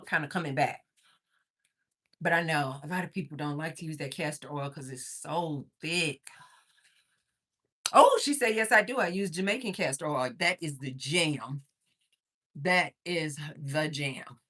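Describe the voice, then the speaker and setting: A chatty woman hosting a livestream, reading out viewer comments and laughing between them. Her voice sits fairly low but has a bright edge. She sounds slightly winded from moving while she talks. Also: normal speed. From Missouri, USA. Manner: chatty, reads viewer comments aloud, laughs often, exclaims. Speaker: livestream host. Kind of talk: casual livestream chat.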